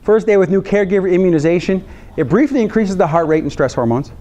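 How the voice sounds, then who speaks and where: Lively, higher-voiced man lecturing counselors. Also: fast, dull audio. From United States. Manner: animated, repeats phrases for emphasis, jokes with the audience. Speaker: health psychologist giving a training talk.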